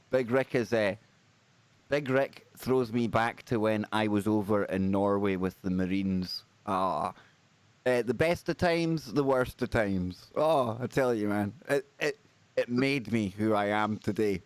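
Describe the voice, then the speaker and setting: Casting: male stream host, excitable and rambling, dry close sound. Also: on the low side, measured pace, no echo. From United Kingdom. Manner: excitable, laughing, rambling asides. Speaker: livestream host. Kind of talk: casual chat, reading out viewer names.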